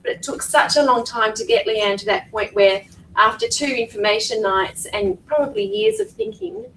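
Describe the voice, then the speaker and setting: A woman's voice: on the high side, lively intonation, moderate pace, creaky, fairly bright tone, slight background noise. Woman introducing a speaker, distant mic. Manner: encouraging, speaks directly to the speaker. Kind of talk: warm introduction at an information night. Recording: distant mic with faint ambience.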